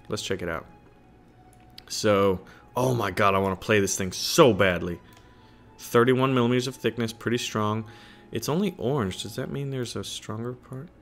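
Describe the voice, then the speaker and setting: Male host, casual excitable gameplay commentary, bright tone. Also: fairly low pitch. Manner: excitable, joking, chatty. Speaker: gaming channel host.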